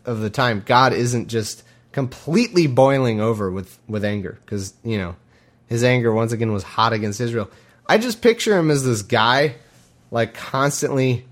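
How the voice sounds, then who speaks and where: A man giving sarcastic, irreverent commentary between readings, often halting and restarting his sentences. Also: medium pitch. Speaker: podcast host reading scripture.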